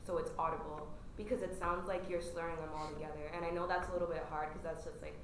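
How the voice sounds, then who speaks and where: A woman student offering a classmate constructive, thoughtful feedback. Her voice sits lower than most women's. She is heard in an echoey classroom, with clear noise behind her. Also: steady tone, fast.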